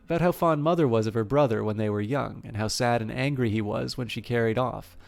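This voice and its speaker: A man's voice: mid-range voice, a little fast, vocal fry, a little mellow, natural voice. A man voicing an anxious young boy who blurts things out nervously. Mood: upset.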